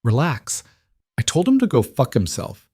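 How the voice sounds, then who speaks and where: A man's voice: mid-range voice, wildly swooping pitch, moderate pace, warm tone, slightly rough, no echo, studio quality, pitched above the performer's own voice. Man doing a flippant sardonic girlfriend. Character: blunt, sardonic young woman friend.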